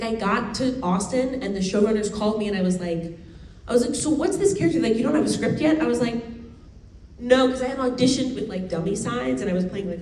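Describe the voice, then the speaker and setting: A woman in her thirties talks freely and laughs as she answers fan questions on stage. Her voice sits at a middle pitch. It is picked up from across a roomy hall with a faint murmur of ambience. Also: a little mellow, recorded from a distance, a little hiss or hum. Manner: chatty, laughing, lots of fillers and restarts. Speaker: actor answering fan questions at a convention panel. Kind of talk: casual panel Q&A. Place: convention hall.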